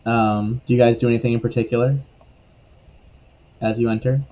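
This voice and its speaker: A man running a tabletop game as game master, describing scenes in a relaxed way with fillers. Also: medium pitch, a little fast, lo-fi sound.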